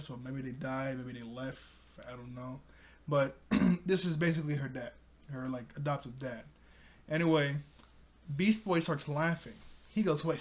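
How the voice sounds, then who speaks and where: A young man casually recapping a cartoon episode, retelling the scenes loosely with quick quoted lines and frequent laughs. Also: a little high, a little mellow. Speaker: cartoon reviewer.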